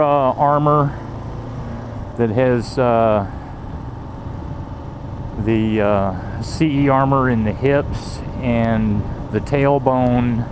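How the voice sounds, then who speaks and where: A man talks through his gear in a slow, unhurried ramble, stopping often on fillers and starting his sentences over. He swears casually now and then. A clear steady noise runs behind his voice. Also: mid-range voice. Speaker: gear reviewer.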